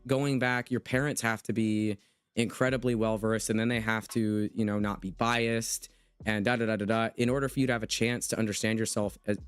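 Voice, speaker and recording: A man's voice: on the low side, little pitch movement, fairly quick, clear, resonant tone, no echo. A man hosting a livestream conversation with a guest, talking in an emphatic, impassioned way and reading out chat comments as he goes. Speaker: livestream host interviewing a guest.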